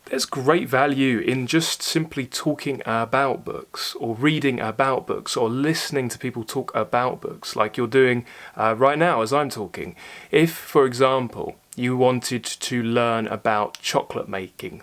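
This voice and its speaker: Young male host, mid-pitched, earnest and reflective, unscripted solo talk with fillers. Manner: thoughtful, earnest, with fillers and restarts. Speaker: channel host answering viewer questions. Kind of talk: casual solo talk to camera.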